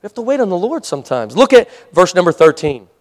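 Pastor, male, high voice; chatty sermon with amen calls and laughs. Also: very animated, fast talker.

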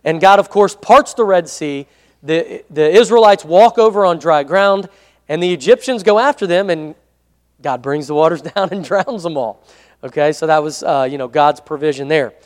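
High pitched guy preaching, easygoing, lots of amens, big echoey hall. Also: normal speed. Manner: conversational preaching with frequent amen prompts. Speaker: pastor. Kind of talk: sermon. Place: church hall. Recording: long hall reverb.

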